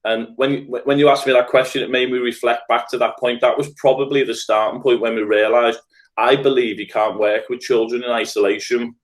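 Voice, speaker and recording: A middle-aged man with a Scouse accent, from Liverpool, talks briskly in a mid-range voice with fairly even intonation. As a restorative practice trainer guesting on a reflective podcast, he's earnest and thoughtful and organizes what he says into lists.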